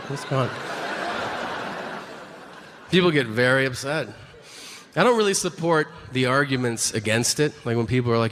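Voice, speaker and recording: A man doing edgy stand-up with a flat, sardonic delivery and mocking voices. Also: mid-range voice, fairly quick, a little hiss or hum. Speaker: stand-up comedian. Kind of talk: stand-up routine.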